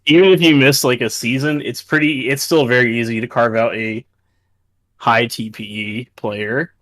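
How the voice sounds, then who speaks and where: A man's voice: mid-range voice, fairly even intonation, moderate pace, a bit bright, no echo. A man co-hosting a live draft stream, chatting casually and tossing in joking asides. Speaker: co-host. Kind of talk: casual livestream chat.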